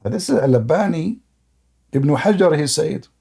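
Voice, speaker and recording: A man's voice: on the high side, animated, moderate pace, vocal fry, mellow, breathy edge. A man hosting a live-streamed religious debate who talks in a combative, insulting way, cuts callers off, and often repeats and restarts his words. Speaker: debate show host.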